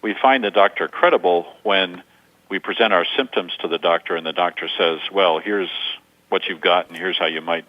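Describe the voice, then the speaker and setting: Older male coach, low and measured, close dry lo-fi recording. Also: no room sound. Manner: measured, explains through stories and examples. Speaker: communication coach as guest. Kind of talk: interview answers. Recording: dull lo-fi sound.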